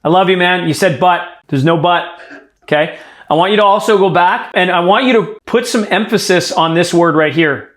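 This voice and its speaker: A man's voice: high-pitched, moderate pace, fairly bright tone, reverberant. A man coaching a sales team in a direct, emphatic way, acting out sample lines. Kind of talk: coaching workshop.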